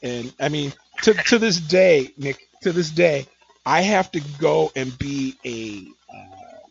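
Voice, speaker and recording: A man hosting a podcast, talking in a loose, rambling way with many fillers and asides. His voice sits a little high. The recording is dull and lo-fi, with a faint hiss underneath. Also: animated, takes it slowly, creaky. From Midwest United States. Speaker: podcast host. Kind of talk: casual interview chat.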